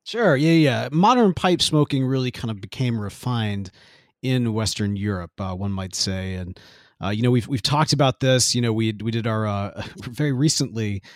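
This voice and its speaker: A man's voice: mid-range voice, moderate pace, no echo, clean studio sound. Joking man hosting a podcast. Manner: joking, with many fillers and restarts. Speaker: podcast host. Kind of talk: casual podcast chat.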